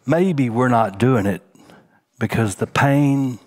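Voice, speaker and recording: A middle-aged male senior pastor preaching a sermon, swinging from emphatic raised lines to soft, hushed ones. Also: mid-range voice, slow, long pauses.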